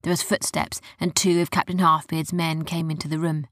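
A woman narrating a children's story softly, often dropping to a whisper. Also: sits low, little pitch movement, normal speed, no echo, studio quality.

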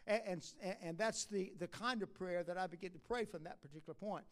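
A man preaching a sermon at a prayer conference, moving from quiet musing to loud, impassioned exhortation. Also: high-pitched, brisk.

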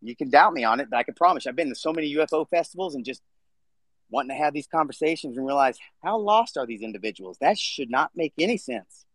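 A man's voice: on the high side, expressive, fast talker, no echo. A man hosting a casual live audio chat, talking bluntly and swearing freely. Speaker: podcast host.

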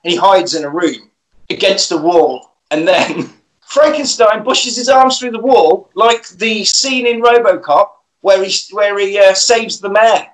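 A man's voice: high-pitched, measured pace, low-quality recording. A man casually recapping a film plot, swearing and acting out the characters' lines.

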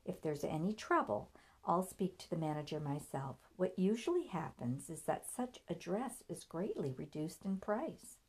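This is a confident young heroine in a storybook, voiced by a woman reader. She speaks calmly and kindly, in a low, even voice. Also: moderate pace, breathy edge, full character voice. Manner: calm, even, friendly.

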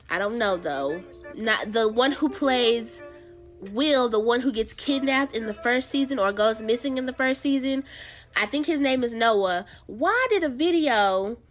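A woman's voice: on the high side, a bit bright. A woman hosting a show, giving casual pop-culture commentary in a blunt, sassy way and talking straight to her viewers. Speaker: show host.

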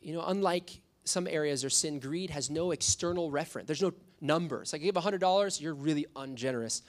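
A young adult man, a youth pastor, preaches a sermon in a brisk, fairly high voice. He tells stories animatedly, acting out the quotes.

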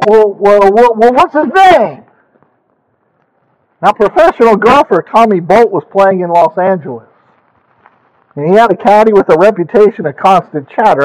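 High-voiced male preacher telling stories. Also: low-quality recording. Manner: storytelling, animated with rising emphasis. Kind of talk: sermon.

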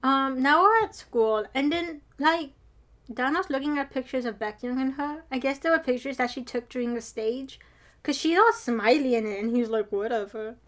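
A young woman excitedly recapping a TV drama episode in casual chat, gushing and giggly. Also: high voice, moderate pace.

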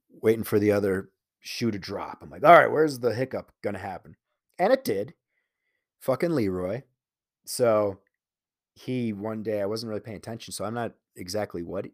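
A man's voice: on the low side, a little mellow, no room sound, clean studio sound. A man talking in a casual solo monologue, telling a candid, profane personal story and earnestly preaching about living life your own way. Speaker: solo speaker.

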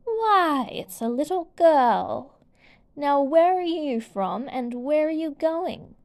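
Hot-tempered storybook queen voiced by a woman narrator; imperious, high, barking orders. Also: expressive, takes it slowly, heavily acted. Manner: shouting, imperious. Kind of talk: storybook reading.

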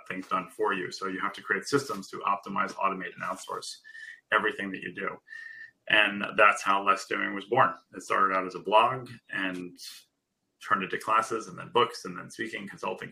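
A man being interviewed on a podcast, telling his story in a relaxed way with dry, sarcastic humor and frequent chuckles. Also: deep voice, gravelly, poor audio. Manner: wry, dryly sarcastic humor. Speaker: podcast guest, productivity author. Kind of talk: casual interview chat.

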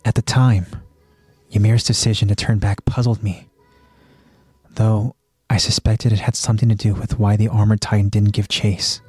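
A man reading out a young male soldier's calm, reflective recollection of a battle, close to his own voice. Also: fairly low pitch, normal speed, breathy edge, dry recording, faint music behind.

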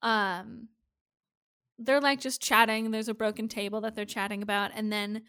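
A woman's voice: on the high side, fairly even intonation, normal speed, a bit bright, clean tone. A woman casually recapping a TV episode for a co-host, chatty and full of "like" fillers. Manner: chatty, lots of "like" fillers, acts out quotes. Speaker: podcast co-host.

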